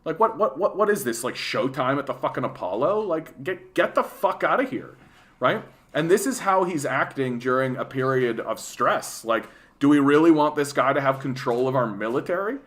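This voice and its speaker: A man's voice: medium pitch, moderate pace. A man in his late thirties from Canada with a Canadian accent, ranting casually about politics on his livestream, profane and full of fillers. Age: 30s. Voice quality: profane, animated, lots of fillers.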